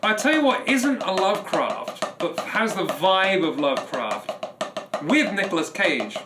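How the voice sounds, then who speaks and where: A man's voice: sits high, big pitch swings, unhurried, loud music behind the voice. A man streaming live as a drummer, chatting casually to his audience in a rambling way with frequent restarts. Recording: echoey room with loud drumming behind.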